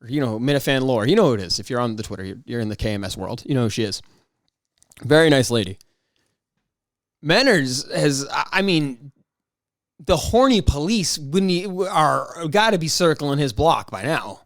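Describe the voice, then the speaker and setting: A man hosting a solo podcast, rambling in a casual, excitable way with frequent restarts and mock outrage. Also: medium pitch, moderate pace, no echo, studio quality. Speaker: podcast host.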